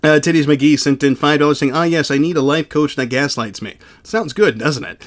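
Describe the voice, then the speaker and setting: Young male streamer, slightly high voice, reads donations aloud, casual and blunt, swears freely. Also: brisk. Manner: blunt, profane, laid-back reading. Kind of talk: casual livestream chat.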